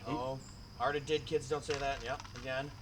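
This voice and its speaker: A man's voice: medium pitch, little pitch movement, a little fast, background noise. A man hosting a live online improv show, upbeat, laughing often and cursing casually as he runs the games. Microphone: home video call setup.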